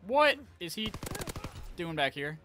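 A young man giving excitable live commentary on an online shooter match, talking to his viewers and trash-talking as he plays. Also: sits high, takes it slowly, noisy background. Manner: excitable, talks to viewers, trash-talks while playing. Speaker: gaming channel host.

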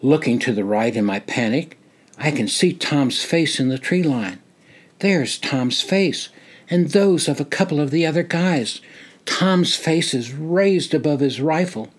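Older man slowly reading his memoir. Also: fairly high pitch, lively intonation, slightly rough. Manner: slow, deliberate storytelling. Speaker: memoir narrator. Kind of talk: reading a personal war memoir.

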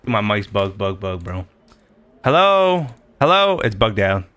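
A man streaming a survival game, talking loud and excitable and swearing often. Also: fairly low pitch, unhurried, no room sound. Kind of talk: casual gameplay streaming.

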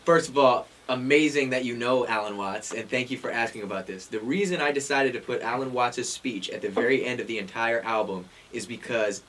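A man's voice: medium pitch, brisk, few pauses, fairly bright tone. A man guesting on a radio show, laid-back and enthusiastic as he talks with callers. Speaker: guest musician. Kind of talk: casual radio interview. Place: radio studio.

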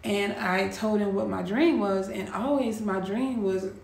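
A woman telling a painful personal story in a slow, quietly intense monologue with heavy pauses. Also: medium pitch, gravelly. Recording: echoey room with faint ambient noise.

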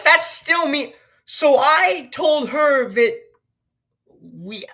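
Bright, lively woman reacting in disbelief. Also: high voice. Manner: incredulous, swearing, laughing reactions. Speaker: video game streamer. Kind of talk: gameplay commentary, reading story text aloud.

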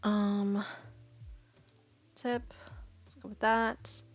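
A woman's voice: mid-range voice, little pitch movement, extremely slow, soft background music. A woman streamer chatting casually and thinking aloud, rambling and indecisive. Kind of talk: casual live-stream chat.

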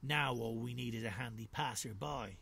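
A man voicing a gruff, scheming male badger who leads a gang, in a storybook read-aloud. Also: medium pitch, normal speed, fairly bright tone, a little hiss or hum. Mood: sly. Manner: gruff, sly and persuasive.

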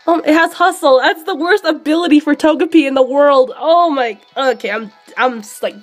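A woman streamer chatting casually and excitably while playing a game, often pausing on drawn-out fillers. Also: high-pitched, faint music behind. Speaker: streamer hunting shiny creatures in a game. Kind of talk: casual live-stream chat.

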